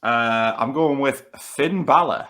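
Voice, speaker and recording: A man with a North East English accent, speaking at a middle pitch as he co-hosts a relaxed podcast. He works through his argument at length, often backing up to restart a phrase. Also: takes it slowly. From North East England. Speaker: podcast co-host. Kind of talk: casual podcast chat.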